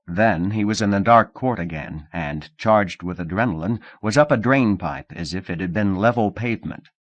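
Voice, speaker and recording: A man narrating an audiobook with a steady, measured reading. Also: low voice, dry recording, lo-fi sound. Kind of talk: scripted narration.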